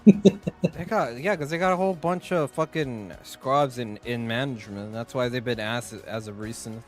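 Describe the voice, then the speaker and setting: A man's voice: medium pitch, moderate pace, over music. A young man co-hosting a live football watch stream, calling plays and trash-talking in casual chat, cursing freely. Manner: calls plays, curses freely, teasing.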